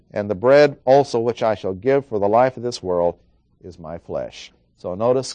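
A man's voice: medium pitch, warm tone, dry recording. A man preaching an expository Bible lesson, working through numbered points and reading scripture aloud.

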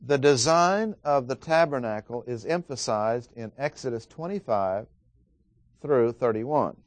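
Man, Bible study teacher: methodical, emphatic reader of scripture, occasional "uh" fillers, mid-pitched, dry close recording. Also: expressive, measured pace, no echo. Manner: methodical, emphatic, reads scripture aloud with stress on key words; frequent "uh" fillers.

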